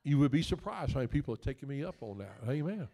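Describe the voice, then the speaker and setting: A man's voice: medium pitch, sing-song, fast talker, gravelly, mellow. A male guest preacher, delivering a folksy, joking sermon that builds into emphatic questions.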